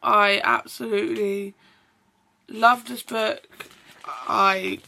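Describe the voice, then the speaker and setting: A young woman reviews her reading at home in a loose, chatty ramble, gushing over favourites and stopping to say sorry. Her tone is bright and sharp, with a gravelly fry at the ends of phrases. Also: medium pitch, flat delivery, slow. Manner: rambling, effusive, self-interrupting with apologies. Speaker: book vlogger. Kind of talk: casual chatty book review.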